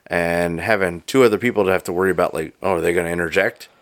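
Male podcast co-host, low-pitched, dry close-mic sound, relaxed joking delivery with casual swearing. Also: fast talker, no echo. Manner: laid-back, joking, swears freely. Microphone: studio microphone.

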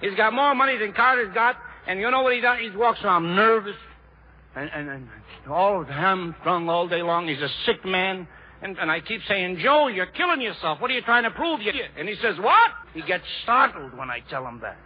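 High-pitched excitable stand-up comic man. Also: normal speed, husky, highs cut off. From Ohio, USA. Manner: punchy joke delivery, excitable, with many restarts. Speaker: stand-up comedian. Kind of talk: stand-up routine.

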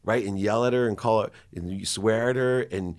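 A middle-aged man with a very low, deep voice, talking as a podcast guest. He is earnest and confessional, and he acts out the things he said in his own stories. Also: moderate pace, darkish tone. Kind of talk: casual interview chat.

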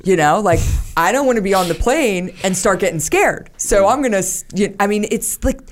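A woman's voice: mid-range voice, expressive, moderate pace, a little hiss or hum. A woman, a podcast guest, talking candidly in a casual conversation, with many fillers. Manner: candid, talks openly about her anxiety with many fillers.

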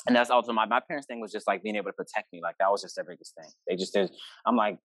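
A man's voice: lowish voice, very fast, a bit bright, no echo. A young adult man, a podcast guest, telling stories in casual chat, acting out quoted family lines and swearing freely.

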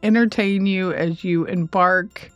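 A chatty woman co-hosting a casual podcast, quick to laugh and drawing out words when she wants to stress them. Her voice is dry and close, with faint music underneath. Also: on the low side, fairly even intonation, no echo, highs cut off. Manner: chatty, laughs often, slows down for emphasis. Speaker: podcast co-host. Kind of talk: casual chat.

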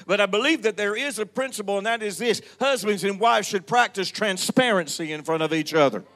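A man's voice: sits high, brisk, fairly bright tone. An older man preaching a sermon in a church, calling on the congregation to answer him. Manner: preachy, calls on the congregation to respond. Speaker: pastor.

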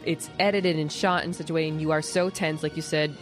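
A man's voice: a little high, steady tone, brisk, over loud music. A man co-hosting a film podcast, talking animatedly with many fillers. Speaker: podcast co-host.

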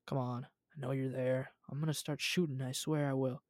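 Threatening masked street robber for a homemade storybook reading, read out by a man. The voice is plain and mid-pitched, with a dry, close sound. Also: flat delivery, normal speed, darkish tone, no room sound, natural voice. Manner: threatening, counting down.

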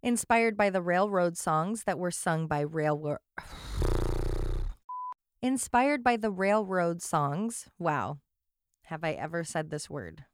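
A woman's voice: lowish voice, animated, slow, smooth. A woman hosting a casual podcast, reading aloud and chatting, giggly and playful. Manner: giggly, playful, breaks into silly singing. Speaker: podcast host.

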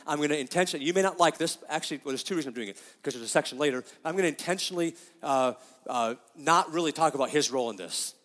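A man's voice: fairly high pitch, racing, a bit bright, big-room sound. A middle-aged man preaching a sermon as pastor, emphatic and often asking his congregation questions.

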